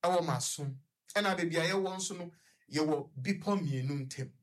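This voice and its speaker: Speaking as a guest in a radio discussion, a young Ghanaian-accented man whose voice sits on the high side recounts a personal story. His delivery is halting, full of stuttered repetitions.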